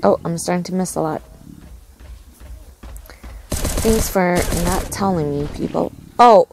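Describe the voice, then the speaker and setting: A young woman narrating her own gameplay in a casual, excitable, easily distracted way, full of fillers and sudden outbursts. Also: lowish voice, measured pace, vocal fry, slight background noise. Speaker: gaming channel host. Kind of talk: casual game commentary.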